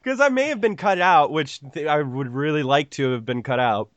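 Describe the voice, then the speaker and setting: A man's voice: on the high side, moderate pace, no echo, muffled recording. A man hosting a podcast, chatting casually, rambling and swearing freely with lots of "like". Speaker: podcast host.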